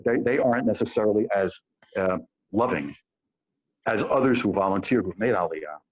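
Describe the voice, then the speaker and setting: A man with a lowish voice and normal pace is captured in poor audio. Speaking on a panel in Israel as an immigration expert, he makes his case with vivid ordinary examples, frequently hesitating.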